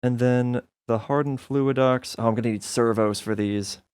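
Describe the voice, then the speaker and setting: A man's voice: medium pitch, steady tone, moderate pace, darkish tone, smooth, dry recording, clean studio sound. A man streaming a modded building game, chatting casually and thinking aloud as he plays, often laughing at his own mistakes. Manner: self-mocking, thinking aloud, laughs at himself. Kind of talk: casual gameplay commentary.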